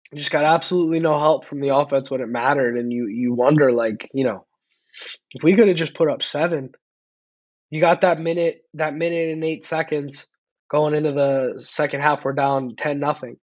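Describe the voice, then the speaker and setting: Sports podcast co-host, male, blunt and opinionated, a bit higher voice, slightly muffled lo-fi audio. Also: no echo. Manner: blunt, opinionated, fast when heated. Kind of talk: casual sports chat.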